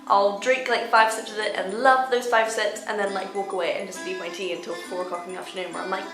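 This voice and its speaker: A young woman from Hawaii, USA, chats casually to the camera as a vlogger, bubbly and poking fun at herself. Her voice sits at medium pitch with little rise and fall, and she talks fast. The recording has a roomy echo and faint music behind it.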